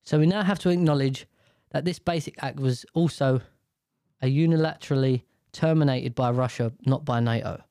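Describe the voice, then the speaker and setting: Guy swearing his way through a news article, dark mellow voice, dead dry sound. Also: mid-range voice, moderate pace, dry recording. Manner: sweary, exasperated ranting; stumbles over hard words while reading aloud. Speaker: vlogger reading news. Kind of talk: casual reaction commentary.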